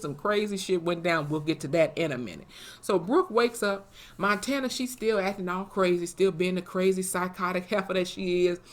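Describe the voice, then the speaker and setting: A woman giving a casual, profane recap of a TV episode, animatedly acting out the characters' lines as she retells the plot. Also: mid-range voice. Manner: animated, profane storytelling that acts out quoted dialogue. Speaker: TV episode reviewer.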